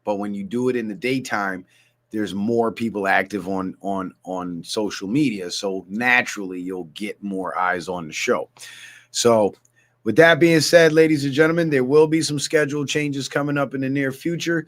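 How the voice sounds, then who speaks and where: A man's voice: lowish voice, moderate pace. A middle-aged man hosting a livestream, telling stories in a loose, casual way with plenty of swearing. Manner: loose, swearing storyteller, animated asides. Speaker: livestream host.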